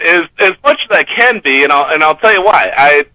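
A man's voice: a little high, animated, fairly quick, pushed and bright, rough recording. A man calling in to a sports talk radio show, chatty and rambling, often correcting himself. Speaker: caller.

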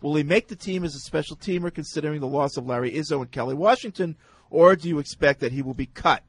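A man's voice: on the high side, fast, slightly rough, rough recording. A man hosting a casual sports radio show, reading listener emails aloud between banter.

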